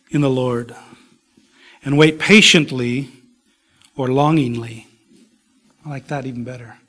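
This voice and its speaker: Slow, emphatic preaching man. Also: mid-range voice. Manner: slow, emphatic preaching, dropping to soft whispers. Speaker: pastor. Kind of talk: sermon.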